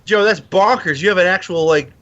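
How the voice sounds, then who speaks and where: A man guesting on a podcast, talking in a rambling, joking way full of quick tangents. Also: sits high, a bit bright, highs cut off. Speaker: game studio founder and guest. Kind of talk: casual podcast chat.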